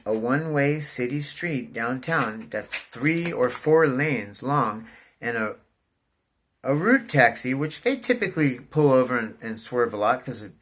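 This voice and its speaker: Middle-aged man, casual vlogger, animated and profane storyteller. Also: mid-range voice. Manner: profane, rambling, says "dude" constantly; animated, voice jumps up in excitement.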